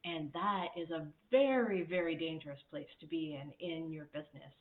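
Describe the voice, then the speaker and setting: A woman's voice: low voice, moderate pace, hardly any pauses, roomy sound, phone-quality sound. A woman coach giving a casual, candid talk about workplace behaviour, chatty and self-mocking, with casual swearing.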